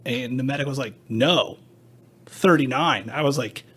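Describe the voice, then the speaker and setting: A man's voice: medium pitch, unhurried, fairly bright tone, husky. A man hosting a podcast, telling a story in casual chat, acting out quoted dialogue and swearing freely. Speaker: podcast host.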